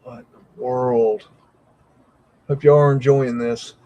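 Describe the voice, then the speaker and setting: A man's voice: mid-range voice, flat delivery, takes it slowly, mellow, muffled recording. A man hosting a live stream, thinking aloud and exclaiming in amazement, with frequent mild swearing. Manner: rambling, easily amazed. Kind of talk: live reaction commentary.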